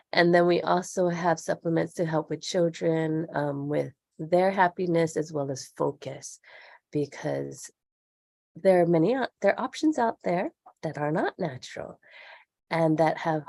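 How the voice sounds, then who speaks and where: A woman's voice: low voice, vocal fry, a little mellow, no room sound. A middle-aged woman speaking as a podcast guest, earnest and reflective as she talks openly. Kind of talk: candid interview conversation.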